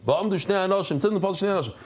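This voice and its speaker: Racing along in a high voice, a man teaches a daily Talmud class, reading the Aramaic and explaining it in English, with a switch to softer storytelling.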